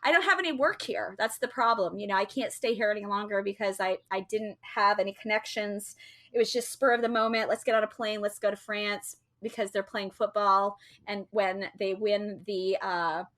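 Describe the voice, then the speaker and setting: A woman's voice: mid-range voice, normal speed, fairly bright tone. Chatty woman telling a story with fillers. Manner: chatty, laughing, many fillers. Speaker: podcast co-host. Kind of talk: casual storytelling.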